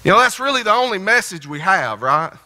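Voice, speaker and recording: Male pastor, folksy conversational sermon, very bright voice, long church reverb. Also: high-pitched, sing-song, a little fast. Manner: folksy, conversational preaching with frequent restarts. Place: church sanctuary.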